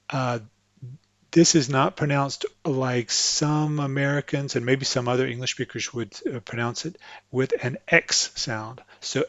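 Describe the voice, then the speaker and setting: A man teaching French pronunciation to English speakers, patiently explaining tongue placement and slowly repeating example words. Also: medium pitch, steady tone, a bit bright, no room sound, muffled recording. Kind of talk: instructional explanation with spoken examples.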